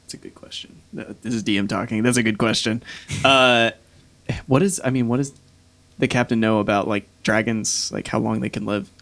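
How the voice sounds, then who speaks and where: A man's voice: fairly low pitch, fairly even intonation, normal speed, vocal fry, a bit bright. A man running a tabletop game as game master, narrating loosely with lots of fillers.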